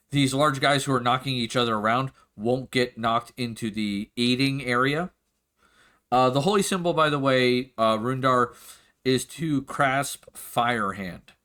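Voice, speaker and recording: A man's voice: mid-range voice, measured pace, pushed and bright. A man narrating a tabletop game as game master in a loose, descriptive way, with lots of "like" and "uh".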